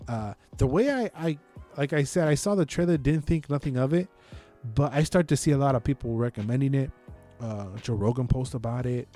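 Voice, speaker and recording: Faint music plays behind a man co-hosting a podcast, his medium-pitched voice moving at a brisk clip. The conversation is casual and profane, delivered with animated, emphatic energy.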